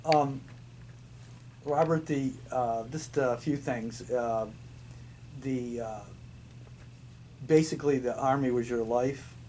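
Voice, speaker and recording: Slow hesitant male interviewer. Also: mid-range voice, steady tone, warm tone, a little hiss or hum. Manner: slow, hesitant questions with many fillers.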